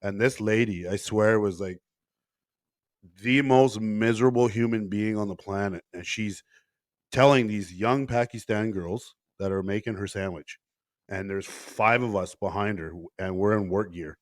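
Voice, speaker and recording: A man's voice: lowish voice, normal speed, no room sound, studio quality. A man hosting a podcast, telling a story bluntly with plenty of swearing in casual conversation. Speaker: podcast host.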